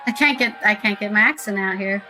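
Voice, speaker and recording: A woman's voice: mid-range voice, a little fast, pushed and bright, faint music behind, rough recording. A woman streamer chatting casually over a story game, self-deprecating about her attempts at voices. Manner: self-deprecating, laughing at herself. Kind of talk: casual gaming stream commentary.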